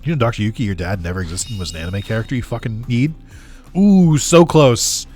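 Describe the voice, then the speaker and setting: A man's voice: on the low side, racing, a little mellow, breathy edge, soft background music. A man chatting casually while streaming a game, ranting sarcastically, swearing a lot and laughing often. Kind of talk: casual gaming stream chat.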